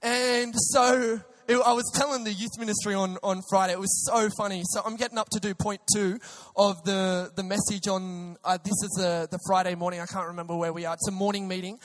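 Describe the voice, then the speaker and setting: A young man, a preacher, telling an excitable personal testimony story with many restarts. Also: high voice, a little fast, hardly any pauses. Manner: animated, excitable, with frequent restarts.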